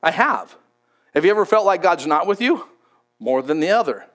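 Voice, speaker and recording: Male pastor, high-pitched, chatty and emphatic, preaching a sermon. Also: very animated, moderate pace, fairly bright tone. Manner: conversational, emphatic, repeats words.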